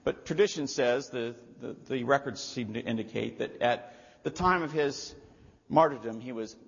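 A male pastor preaching a sermon, telling a story and building to loud, emphatic peaks. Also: medium pitch, normal speed, vocal fry, husky. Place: church sanctuary. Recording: dull lo-fi audio with long hall reverb.

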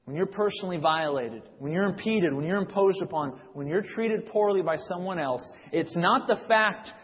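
A man's voice: sits high, normal speed. Man preaching in a reverberant hall. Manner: conversational preaching with frequent restarts, rising when reading scripture. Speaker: pastor. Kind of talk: sermon. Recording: dull sound with long reverb in a hall.

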